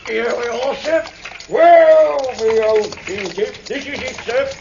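An actor playing a blunt London cab driver in a 1950s radio drama. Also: male voice, very high voice, slow pace, gravelly, a little mellow, a little hiss or hum, exaggerated voice. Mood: gruff. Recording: dull lo-fi old radio recording.

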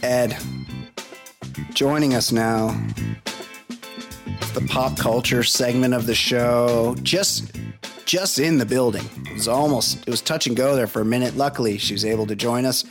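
A man's voice: mid-range voice, unhurried, pauses often, over music. A man co-hosting a podcast, joking and swearing loosely in rambling chat. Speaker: podcast co-host. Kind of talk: casual podcast banter.

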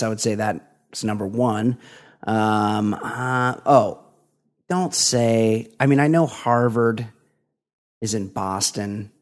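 A man co-hosting a comedy podcast, rambling through crude, wry banter. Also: lowish voice. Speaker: podcast co-host. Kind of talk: casual comedic chat.

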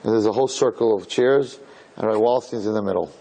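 A man, a rabbi, giving an inspirational talk to an audience, telling a story with lively acted-out dialogue and Hebrew and Yiddish terms. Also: lowish voice, quick pace. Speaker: rabbi and speaker.

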